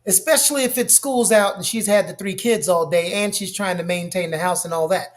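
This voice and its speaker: A man chatting in a casual discussion, telling stories with animated asides. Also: sits high, a little fast. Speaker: co-host.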